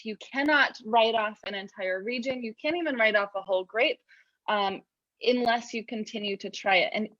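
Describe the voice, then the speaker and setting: A woman's voice: on the high side, a bit bright, dry recording, muffled recording. A woman sommelier answering interview questions in a chatty, storytelling way. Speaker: sommelier, guest. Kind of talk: casual video interview.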